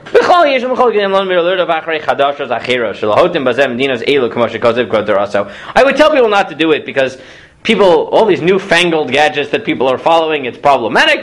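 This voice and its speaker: A man with a fairly high voice teaches a class of students as a rabbi, and his pitch jumps around a great deal. He reads passages aloud and then unpacks them in English, stopping to ask the room questions. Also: sing-song, fast talker, a bit bright. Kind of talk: lecture on Jewish law.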